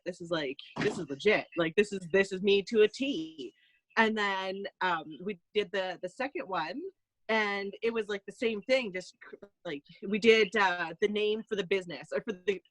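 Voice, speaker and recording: A woman's voice: medium pitch, fairly bright tone, no echo, rough recording. Woman from Canada, client guest on a video call, chatty and all over the place, dry sound. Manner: bubbly, laughing, scattered. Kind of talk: casual testimony on a video call.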